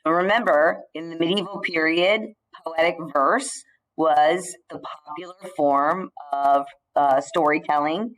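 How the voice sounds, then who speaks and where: A woman teacher giving a recorded slide lecture, explaining in a measured way with the odd filler and restart. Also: low-pitched, steady tone, low-quality recording.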